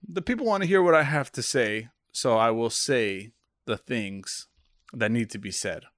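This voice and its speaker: A man's voice: medium pitch, expressive, normal speed, a bit bright, no echo, studio quality. A man co-hosting a podcast, teasing and joking in casual chat. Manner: playful, teasing. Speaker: podcast co-host.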